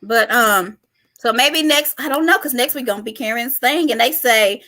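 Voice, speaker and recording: Woman host, casual chat, bright and slightly high voice, chatty. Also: normal speed. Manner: chatty, addresses listeners as y'all. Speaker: podcast host.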